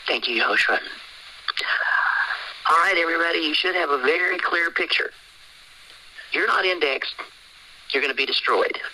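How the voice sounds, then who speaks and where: A man's voice: a little high, a little fast, long pauses, bright, forceful tone, slight background noise, low-quality recording. A man hosting a call, pressing listeners with rhetorical questions in an insistent tone. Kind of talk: sermon-style call talk.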